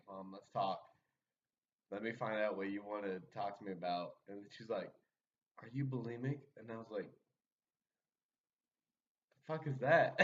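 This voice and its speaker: A young man tells a story in loose casual chat, full of fillers and bursts of laughter. His voice sits at an ordinary pitch. He is set back from the mic, and the sound comes out a little muffled. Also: recorded from a distance. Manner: rambling, laughs often, lots of fillers. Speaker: podcast guest storyteller.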